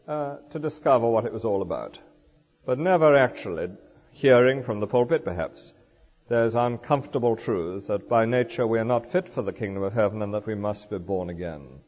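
An older man preaching a sermon in a church, explaining scripture with lively asides and rhetorical questions. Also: mid-range voice. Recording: dull lo-fi recording in a reverberant church.

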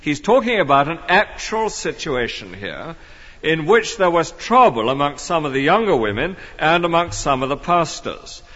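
A man's voice: fairly high pitch, big pitch swings, normal speed, pushed and bright, long reverb tail, lo-fi sound. A man preaching an expository sermon in an earnest, emphatic way. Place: church.

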